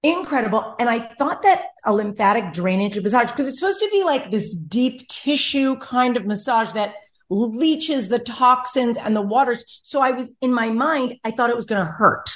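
A young woman talks casually on a podcast, spinning a long, rambling story. She jumps between asides and acts out other people's lines in quick bursts. Her voice sits slightly high. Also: expressive. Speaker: podcast host. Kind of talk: casual chat.

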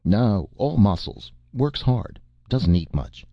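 A man's voice: fairly low pitch, sing-song, takes it slowly, no echo, dull audio, voice pushed up, heavily acted. A man reading the lines of a brutal barbarian slave master, who speaks in clipped, broken phrases. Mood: boastful. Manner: clipped broken speech, threatening.

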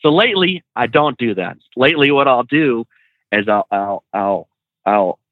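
A man who trains truck drivers tells stories in a casual, animated way, cursing freely and calling people "bro". His voice sits at an ordinary pitch. The sound is dry and thin, like a phone line. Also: moderate pace, no echo. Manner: animated, swears freely, says "bro" and "dude". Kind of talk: casual storytelling in an interview.

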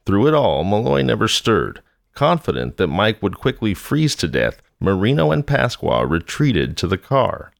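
A man's voice: lowish voice, creaky, no room sound, studio quality. A man narrating a scripted true-crime story with a wry, dramatic delivery. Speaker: podcast narrator.

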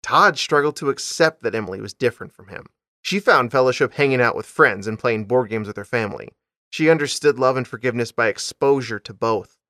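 A man's voice: medium pitch, animated, a little fast, a bit bright, dry recording, studio quality. A man hosting a comedy podcast, reading a story with dramatic emphasis and stopping to joke.

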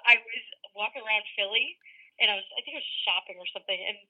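A woman sports reporter guesting on a podcast, telling stories in a playful, teasing way. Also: mid-range voice. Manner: playful, teasing, quick storytelling. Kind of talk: casual podcast chat. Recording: dull phone-line audio.

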